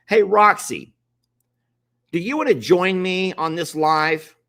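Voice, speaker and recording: A man's voice: a little high, a bit bright. A man casually hosting a livestream, chatting and pleading with viewers to join. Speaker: livestream host.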